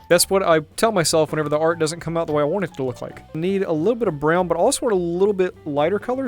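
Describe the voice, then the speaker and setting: A man hosting a gaming channel, giving upbeat, jokey running commentary while he plays. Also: a little high. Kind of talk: casual gameplay commentary.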